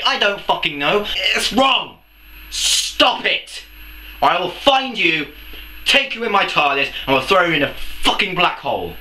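Swearing, shouting young man ranting. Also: on the high side, big pitch swings, moderate pace, slight background noise. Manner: swearing, shouting rhetorical questions. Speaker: vlogger. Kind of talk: angry comedic rant to camera.

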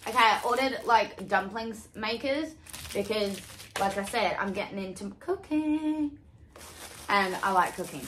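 Bright-voiced young woman, gushing. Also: mid-range voice, a little slow. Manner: excitable, swears freely, exclaims often. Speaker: vlogger. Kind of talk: casual haul unboxing chat. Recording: echoey room with faint hiss.

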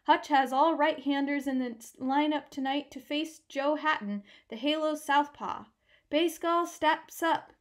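A woman reading aloud voices an old-time male radio baseball announcer with a nasal voice and brisk play-by-play patter. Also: high-pitched, pitched above the performer's own voice. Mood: excited.

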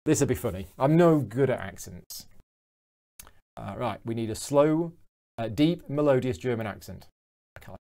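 A man's voice: medium pitch, animated, normal speed, creaky, long pauses, warm tone. A man hosting a game playthrough, reading the text aloud with hesitant fillers and self-deprecating asides. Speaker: gaming channel host.

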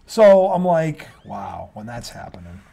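A man's voice: fairly high pitch, very animated, unhurried, creaky, warm tone. A man hosting a casual sports talk show, ranting with lots of profanity.

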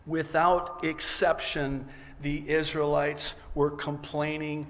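A man's voice: medium pitch, fairly even intonation, measured pace. A man preaching a sermon as pastor, reading scripture emphatically and voicing its quoted lines with drama. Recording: long reverb of a large hall.

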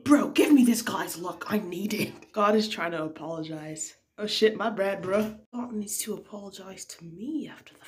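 A woman's voice: medium pitch, moderate pace, few pauses. Young woman in a put-on American accent reading memes with jokey, half-whispered asides. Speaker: channel host.

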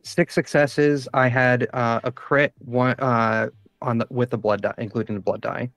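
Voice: medium pitch, little pitch movement, unhurried, a bit bright, no echo. A player in a tabletop game, casually asking about rules and counting dice results aloud.

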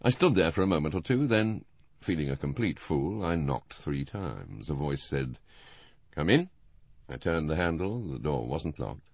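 Deep male narrator, measured first-person storytelling, lively delivery, muffled sound. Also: husky, no room sound. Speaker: audiobook narrator. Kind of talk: audiobook narration.

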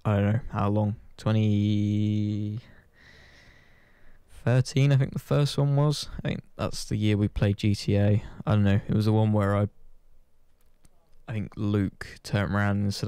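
A man's voice: fairly low pitch, little pitch movement, a little slow, pauses often, warm tone, clear, resonant tone, no echo. A man chatting casually to his channel's viewers, rambling and self-deprecating, swearing offhand. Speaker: gaming channel host. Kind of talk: casual chat to camera.

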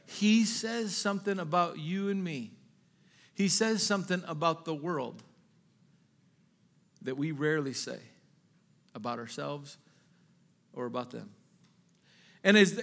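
A man with a high-pitched voice preaching an impassioned sermon. He swings from loud rhetorical questions to soft, hushed asides, repeating phrases and restarting sentences as he goes. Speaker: pastor.

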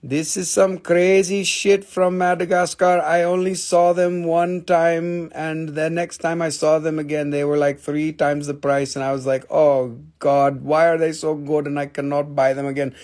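A man's voice: fairly high pitch, flat delivery, normal speed, hardly any pauses, a little mellow. A man selling minerals on a casual live stream, joking, swearing and rambling as he talks. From Appalachian Valley, United States.

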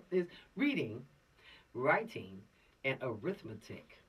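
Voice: mid-range voice, sing-song, slow pace, long pauses, fairly bright tone, slightly rough, distant mic. A law course instructor giving an informal, preachy lecture with streetwise slang.

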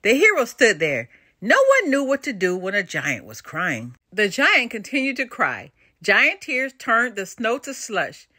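An older woman reads a children's storybook aloud, full of expression. Her voice is bright and lively, a bit high for a woman, and recorded close and dry. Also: unhurried, slightly rough, no room sound. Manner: expressive and animated. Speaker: storybook reader. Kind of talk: children's read-aloud narration.

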